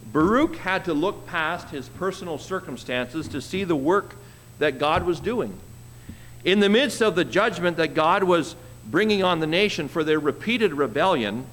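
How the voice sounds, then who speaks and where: A man preaching a sermon, reading scripture slowly and commenting on it with an easy chuckle. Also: on the high side, fairly bright tone, big-room sound. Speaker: pastor.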